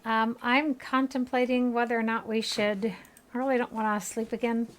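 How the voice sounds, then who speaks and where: A woman's voice: a little high, little pitch movement, normal speed, a little hiss or hum. A woman in her thirties chatting with her viewers while streaming a game, laughing often. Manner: giggly, chatty, talks to chat. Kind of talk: casual gaming livestream chat.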